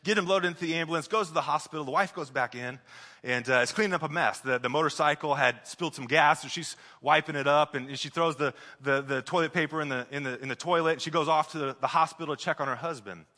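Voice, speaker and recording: Bright-voiced pastor in a reverberant hall. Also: male voice, a little high, quick pace. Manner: animated storyteller, builds up loudly then drops soft. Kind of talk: sermon.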